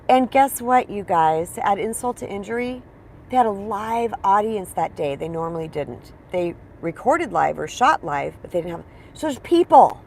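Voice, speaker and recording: Woman coach, chatty and expressive, narrating her own stories in a relaxed talk to camera. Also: mid-range voice, gravelly, slight background noise. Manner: chatty storytelling, addresses viewers as "you guys"; expressive, acts out her own past reactions. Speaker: life coach. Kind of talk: casual motivational talk to camera.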